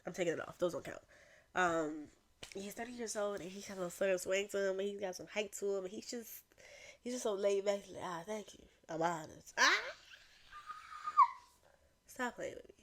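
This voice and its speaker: A woman's voice: medium pitch, a little fast. Chatty young woman rambling solo. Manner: chatty, rambling, animated asides. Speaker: podcast host. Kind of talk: casual solo chat.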